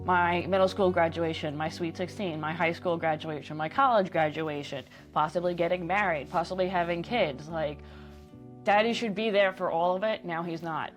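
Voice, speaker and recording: A woman's voice: lowish voice, moderate pace, faint music behind. A woman in her twenties speaking candidly in a documentary interview, emphatic and full of casual fillers. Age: 20s.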